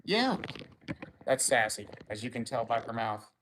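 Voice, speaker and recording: A man's voice: lowish voice, little pitch movement, a little fast, fairly bright tone, slight background noise. A man hosting a livestream, reading viewer comments aloud and answering them with crude, rambling jokes in easy casual chat. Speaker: livestream host.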